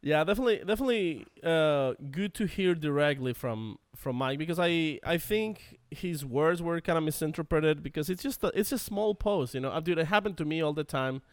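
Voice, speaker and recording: A man's voice: fairly high pitch, animated, brisk, hardly any pauses, dry recording, clean studio sound. A man co-hosting a chat podcast in a language that is not his first, upbeat with short quips. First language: not English. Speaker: podcast co-host. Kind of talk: casual chat.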